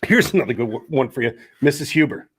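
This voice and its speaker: A middle-aged man co-hosting a podcast, telling lively stories and acting out the quotes. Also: medium pitch, fast, slightly rough. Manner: animated storyteller acting out quotes. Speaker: podcast co-host. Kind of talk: casual storytelling chat.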